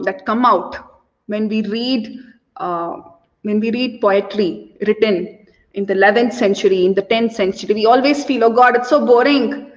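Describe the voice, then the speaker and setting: A woman giving a conference talk as a story, acting out the quotes with feeling. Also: high-pitched. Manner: animated, acts out quotes. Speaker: conference speaker. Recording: dull audio with long reverb.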